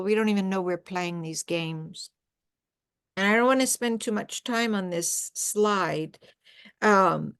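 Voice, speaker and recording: A woman speaking earnestly at a faith gathering, presenting a reflective talk with slides and often halting to restart. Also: medium pitch.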